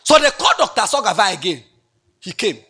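A high-voiced man delivers a sermon with a husky edge. His pitch swoops widely as he tells the stories, and he half-sings the scripture in a lilting way. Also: brisk. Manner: animated, lilting scripture reading with dramatic swings. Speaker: preacher.

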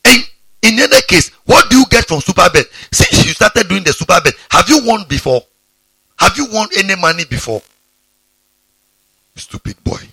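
Animated gravelly-voiced preacher. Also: male voice, a little fast, dry recording. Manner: preaching with sudden high exclamations. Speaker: pastor. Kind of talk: sermon.

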